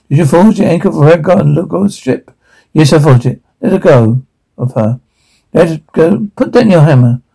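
A man reading a drama script aloud, sound cues and all, in a halting way with frequent restarts. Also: a little high, vocal fry, mellow, slightly rough, poor audio.

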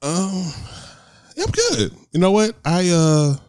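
A man's voice: sits high, huge pitch swings, slow pace, darkish tone, no echo, clean studio sound. A man co-hosting a podcast in casual chat, laid-back, swearing casually and laughing a lot. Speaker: podcast co-host.

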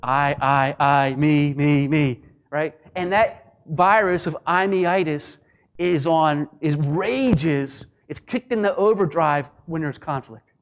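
A man preaching a sermon as pastor, impassioned and building to fervent passages, with quick asides mimicking others. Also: on the high side. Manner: impassioned, rising to a fervent climax.

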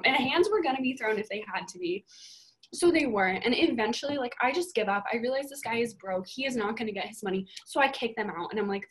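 A young woman co-hosting a podcast, telling a story in a casual, animated way and swearing a lot. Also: medium pitch, fast talker, poor audio. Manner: animated, profane, emphatic storytelling. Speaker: podcast co-host.

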